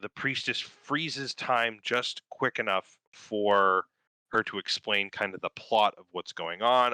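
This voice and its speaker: A man talking loosely on a podcast, swearing freely and rambling with eager excitement. His voice is bright and forceful, crisp and smooth, and the recording is dry and close. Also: mid-range voice, takes it slowly, no echo, poor audio. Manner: profane, enthusiastic, rambling with fillers. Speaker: podcast co-host. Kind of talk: casual chat, recapping a cartoon series.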